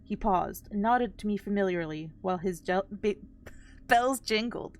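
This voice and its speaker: A woman's voice: medium pitch, unhurried, slight background noise. A woman reading a classic story aloud on a live stream, with casual asides when she trips over hard words.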